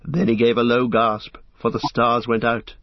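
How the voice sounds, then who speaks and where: A man narrating a storybook with steady, even reading, on a dull lo-fi recording. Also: medium pitch, normal speed, vocal fry, no echo. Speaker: audiobook narrator.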